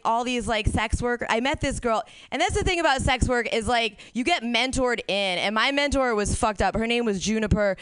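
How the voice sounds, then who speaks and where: A woman's voice: fairly high pitch, fairly bright tone, smooth, dry recording. A woman doing a stand-up set, telling crude stories candidly and laughing at her own jokes. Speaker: stand-up comic.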